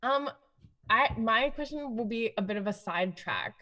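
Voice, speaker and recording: A woman's voice: on the high side, expressive, normal speed, sharp tone. A woman student asking a hesitant question in a live music lesson, with many fillers. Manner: hesitant, full of likes.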